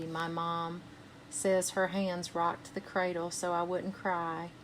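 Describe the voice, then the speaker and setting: Lady reading a kids' storybook real slow, lowish voice, asks the little ones questions, bit of faint hiss behind. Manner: gentle, asks listeners questions between passages. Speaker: children's storytime reader. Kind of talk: reading a picture book aloud to children.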